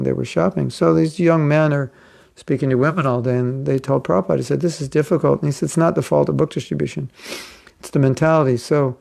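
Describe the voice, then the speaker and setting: A man's voice: fairly high pitch, vocal fry, a little mellow. An older man teaching an informal spiritual class, answering questions and joking with mock accents. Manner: playful, slips into mock accents.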